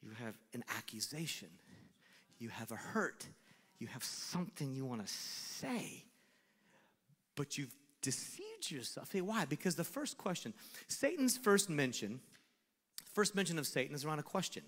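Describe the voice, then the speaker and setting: A man preaching a sermon as pastor, animated and acting out voices in his stories. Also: on the high side, a little slow, breathy edge, in a large hall.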